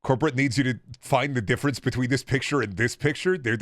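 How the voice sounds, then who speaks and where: A man's voice: medium pitch, brisk, few pauses, fairly bright tone, no room sound, clean studio sound. A man streaming a game, chatting casually and joking around with his chat, swearing freely. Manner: joking, swears, riffs on impressions. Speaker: gaming streamer.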